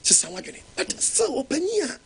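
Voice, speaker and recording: Animated Ghanaian preacher man. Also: very high voice, moderate pace, creaky. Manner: animated, dramatic, laughing and shouting in bursts. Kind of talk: sermon in Twi with English phrases.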